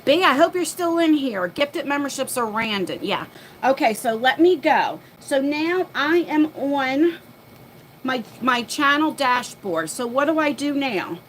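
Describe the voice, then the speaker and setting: Lady chatting on her livestream, out of breath, bit high voice, faint noise behind. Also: expressive, low-quality recording. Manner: chatty, talks to viewers and her dog while rushing around. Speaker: livestream host. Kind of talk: casual live chat. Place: home, moving between floors.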